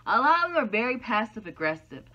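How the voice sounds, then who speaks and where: A woman's voice: on the high side, big pitch swings, quick pace. A woman talking frankly to camera in an opinion vlog, throwing out rhetorical questions and answering them herself. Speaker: YouTuber. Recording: dull lo-fi sound.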